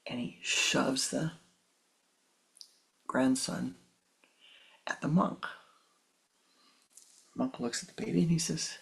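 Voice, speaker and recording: Spiritual teacher, sermon storytelling, soft half-whispered delivery, gravelly texture. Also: mid-range voice, low-quality recording. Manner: slow, soft, partly whispered.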